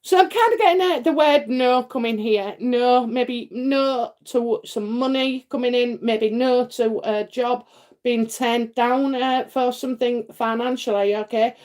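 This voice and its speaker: A middle-aged woman from England hosts a live psychic stream, talking in a loose, rambling way with plenty of fillers and repeated phrases. Her voice sits a bit high for a woman. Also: steady tone, slow pace, darkish tone. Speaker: psychic livestream host. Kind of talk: casual livestream chat and readings.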